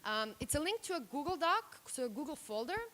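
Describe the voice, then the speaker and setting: A woman from Serbia and Slovenia giving a workshop talk at a microphone, direct and animated, acting out the reactions she quotes. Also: high-pitched, fairly quick. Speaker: workshop speaker. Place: room. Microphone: handheld microphone.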